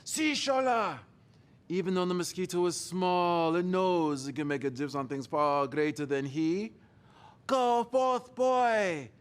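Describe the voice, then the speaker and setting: A man voicing a stern, commanding older African father, speaking in slow, drawn-out commands. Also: high voice, lively intonation, clean tone, pitched above the performer's own voice. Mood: booming.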